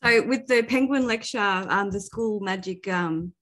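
A woman's voice: medium pitch, measured pace, a bit bright. A woman with an Australian accent co-hosting a casual video-call chat, asking questions between brief, laughing interjections. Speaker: co-host.

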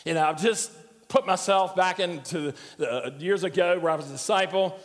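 Older joking pastor in a reverberant church. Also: male voice, sits high, expressive, a little fast. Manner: conversational, joking storyteller. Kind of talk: sermon. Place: church sanctuary.

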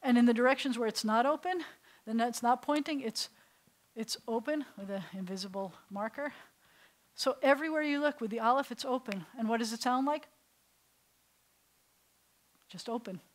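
A woman's voice: a little high, low-quality recording. Playful woman teaching Hebrew sounds. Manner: patient, playful, sounds out syllables slowly. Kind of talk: classroom language lesson. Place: classroom with students.

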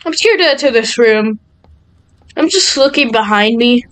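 Jittery young woman, smooth high voice. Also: expressive, normal speed, fairly bright tone, low-quality recording. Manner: jumpy, nervous, talks to viewers. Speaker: gaming channel host. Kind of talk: horror game let's play commentary.

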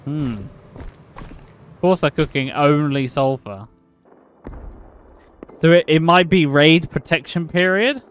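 A man's voice: a little high, slow pace, pauses often, a little hiss or hum. A young man hosting as a game server admin, commenting on gameplay and mocking players, swearing now and then.

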